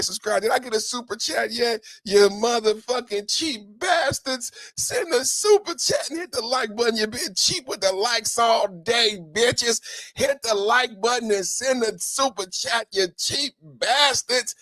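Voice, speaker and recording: A man from the Bay Area hosting a livestream podcast, laughing hard and hyping his viewers in a crude, loud way. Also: no echo. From San Francisco Bay Area. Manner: laughing hard, crude and hyped, wild swings in pitch. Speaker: podcast host. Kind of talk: rowdy livestream podcast banter.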